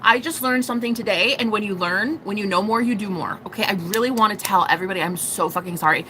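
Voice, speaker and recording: Young woman, tarot streamer; bright, forceful delivery, profane and theatrical, slight background noise. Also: medium pitch, fast talker. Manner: animated, profane, acts out quoted voices. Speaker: tarot reader. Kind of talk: live-stream tarot reading.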